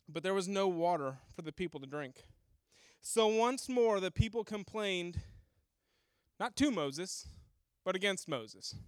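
A man preaching a sermon, retelling scripture in a lively storytelling way and acting out the people in it. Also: high-pitched, dry recording, clean studio sound. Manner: animated storytelling, acts out voices. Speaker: pastor.

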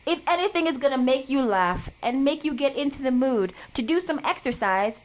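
A woman's voice: high voice, expressive, fairly quick. A woman co-hosting a casual comedic podcast, blunt and playful, laughing often. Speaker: podcast co-host.

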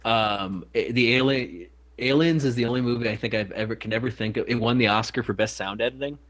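A man's voice: mid-range voice, brisk, a bit bright. A man co-hosting a podcast in casual chat, rambling with many restarts and some swearing. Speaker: podcast co-host.

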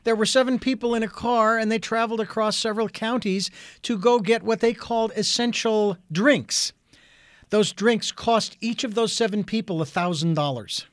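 A man's voice: high voice, moderate pace, no room sound, clean studio sound. A man hosting an interview, chatting casually with frequent laughs and hesitant fillers. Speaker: host.

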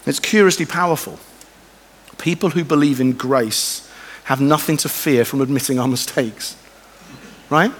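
A man preaching a sermon in a conversational, animated way, often acting out the voices he quotes. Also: mid-range voice, measured pace, long pauses, long reverb tail. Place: church.

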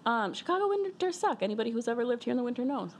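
A young woman co-hosting a casual podcast from an apartment, relaxed and profane, talking while high. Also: very fast, slight background noise. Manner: laid-back, giggly, profane. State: high from smoking. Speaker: podcast co-host. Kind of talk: casual chat. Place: apartment in Chicago.

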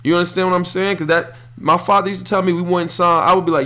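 A man's voice: sits high, fast talker. A man hosting a sports podcast, talking bluntly and with a lot of energy in casual slang. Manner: animated, streetwise and blunt. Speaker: podcast host.

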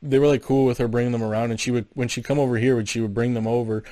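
A man's voice: medium pitch, fairly even intonation, very fast, warm tone. A man co-hosting a podcast, chatting casually and rambling with lots of fillers. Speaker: podcast co-host. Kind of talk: casual chat.

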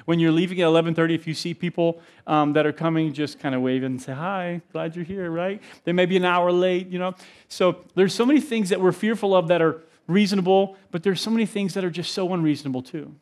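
A middle-aged man, a pastor, preaching a sermon with animated stories, chuckles and asides to the congregation. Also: sits high, fast talker.

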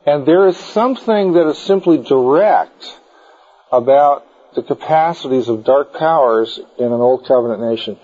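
A man's voice: medium pitch, moderate pace, mellow. A man teaching a group about the Bible in an informal, digressive style, full of anecdotes, in a dull lo-fi recording.

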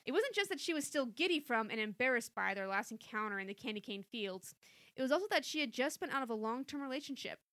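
A woman reading an interactive story aloud, playful and lively between passages. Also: fairly high pitch, fast talker, no room sound, studio quality. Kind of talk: storybook narration with chat.

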